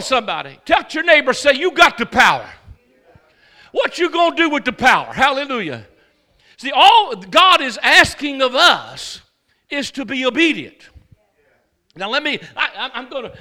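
A man preaching a sermon to a church congregation. He exhorts the crowd with call-and-response, moves between shouting and quiet storytelling, and wanders into asides. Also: very high voice. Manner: rambling asides, acts out quoted speakers.

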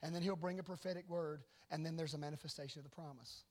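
Animated high-voiced male preacher. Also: fast. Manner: animated, swings from hushed to loud. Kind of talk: sermon with storytelling.

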